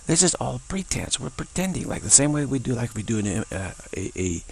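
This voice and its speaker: A man giving a spiritual talk, musing in a halting way with many restarts. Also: mid-range voice, very animated, vocal fry, slight background noise. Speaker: spiritual teacher.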